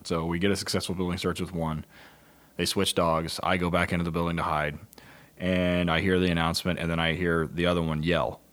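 Deep male police canine trainer; casual, profane, animated storyteller who acts out the quotes. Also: brisk. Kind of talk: casual podcast chat.

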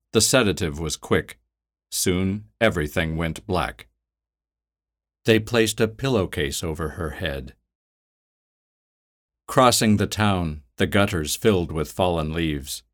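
A man with a very deep, low voice reads a scripted story aloud. His delivery is measured and steady, in the manner of an audiobook narrator.

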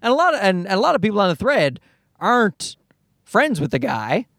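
This man's voice is high and fairly quick as he unloads a rambling, foul-mouthed story into a mic inside his parked car in a garage. He gets animated and interrupts himself, and the audio is clean studio sound without echo.

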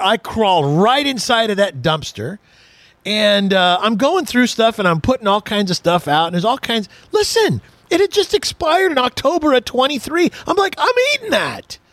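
A man's voice: high-pitched, very animated, moderate pace, fairly bright tone, no room sound. An older man hosting a radio car show, chatting casually and telling jokey stories with frequent laughs. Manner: jokey, storytelling, laughs often. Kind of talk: casual chat.

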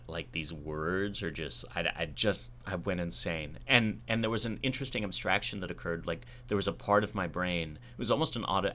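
A man with a very deep voice tells a story from his own life in casual conversation. His tone is bright and forceful, and he retells things in an animated, self-mocking way.

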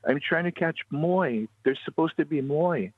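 A man's voice: medium pitch, moderate pace, slightly rough, dry recording, voice pushed up, natural voice. A man voicing a little girl spirit who is crying, telling a ghost story on a phone line. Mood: pleading. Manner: tearful, pleading child's voice.

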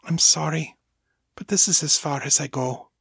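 A man voicing a loving mother who speaks in a soft, lilting, soothing way, a little higher than his own voice. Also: normal speed, vocal fry, slightly rough, dry recording, studio quality, heavily acted. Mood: tender. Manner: tender, soothing. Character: gentle loving mother, warm and comforting.

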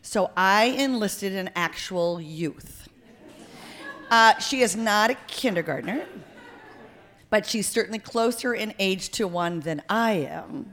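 A woman hosting a comedy podcast, animated and jokey in her banter. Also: mid-range voice, takes it slowly. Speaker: host.

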